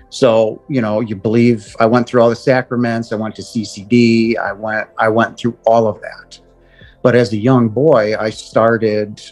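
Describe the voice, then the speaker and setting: A middle-aged man earnestly telling of his near-death experience, often halting and repeating words as he goes. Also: on the low side, darkish tone. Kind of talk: personal testimony.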